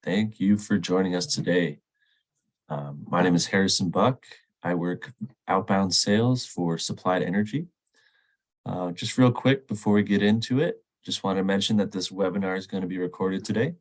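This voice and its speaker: A man's voice: sits low, moderate pace, poor audio. A man hosting a sales webinar with a stuffy, nasal voice from a cold, talking casually with many ums and uhs. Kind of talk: webinar presentation.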